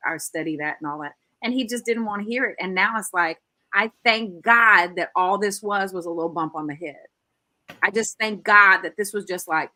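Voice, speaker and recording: A woman's voice: mid-range voice, bright, forceful tone. A woman radio host speaking with passion in a preacherly, emphatic style. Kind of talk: talk show chat turning preachy.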